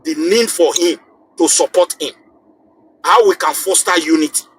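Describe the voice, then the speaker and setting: On a live show, a Nigerian guest caller pitches in fervent political opinions at a moderate pace in a voice on the high side. He hammers his points home by going back over phrases and starting them again. There's slight background noise and the audio is poor.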